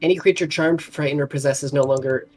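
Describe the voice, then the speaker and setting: A woman playing a tabletop game, reading rules aloud in a halting, casual way. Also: low-pitched, darkish tone, faint music behind. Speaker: player.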